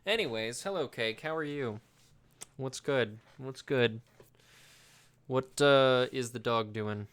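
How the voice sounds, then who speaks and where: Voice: mid-range voice, takes it slowly, a bit bright, smooth. Offhand joking game streamer. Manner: joking, offhand, swears casually. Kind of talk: casual live game-stream commentary.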